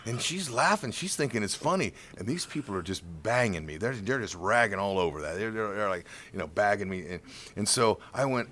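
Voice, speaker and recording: A man's voice: on the low side, brisk. A middle-aged man, a baseball color commentator, telling stories in a casual interview and acting out the voices of the people in them. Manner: animated, acts out voices in his stories.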